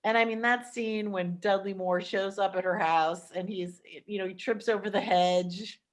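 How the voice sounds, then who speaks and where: A woman hosting a podcast, chatting enthusiastically about films with quick asides. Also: mid-range voice, steady tone. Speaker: podcast host. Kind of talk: casual film chat.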